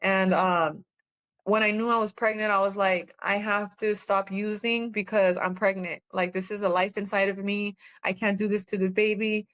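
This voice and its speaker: A woman's voice: mid-range voice, steady tone, normal speed, a bit bright. Plainspoken woman telling her story. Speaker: podcast guest. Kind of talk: personal testimony.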